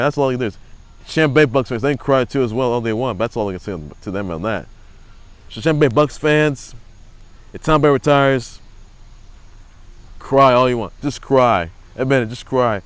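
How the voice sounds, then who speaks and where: Smooth-voiced rambling sports host, man. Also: medium pitch, normal speed, long pauses, no echo. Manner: rambling, repeats phrases, mocking and trolling. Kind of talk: casual sports commentary.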